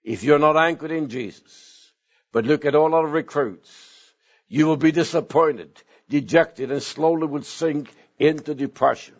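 A middle-aged or older man preaching a sermon as pastor, earnest, with sudden swings in pitch and slow emphatic phrases. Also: slightly rough. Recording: dull lo-fi sound.

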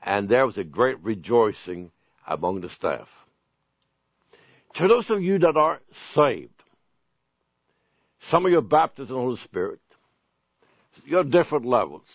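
A man's voice: medium pitch, big pitch swings, dry recording, muffled recording. A man preaching a televised sermon, emphatic and full of rhetorical questions. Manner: emphatic, rhetorical questions, slow deliberate delivery.

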